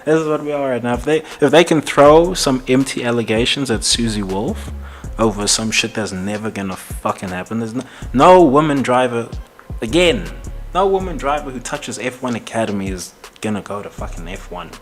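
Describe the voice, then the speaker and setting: A man's voice: medium pitch, lively intonation, normal speed, soft background music. A man hosting a casual commentary show, rambling and heated, swearing often and laughing between points. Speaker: podcast host.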